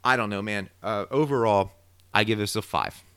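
A man co-hosting a podcast, casually recapping a TV episode with opinionated, animated theorizing. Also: on the low side, normal speed, clean tone, no room sound. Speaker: podcast co-host.

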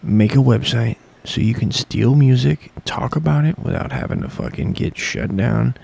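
A man's voice: mid-range voice, moderate pace, creaky, a little mellow, slightly rough. A man hosting a podcast, rambling sarcastically and swearing constantly. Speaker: podcast host. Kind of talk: casual profane monologue.

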